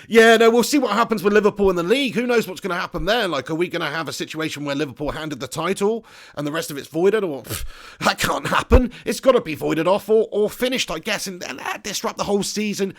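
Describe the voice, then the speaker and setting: A man's voice: high voice, fairly bright tone. A man with a Southern English accent streaming a football game, chatting and joking with his viewers. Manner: chatty, jokey banter with viewers. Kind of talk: live stream commentary and chat shout-outs.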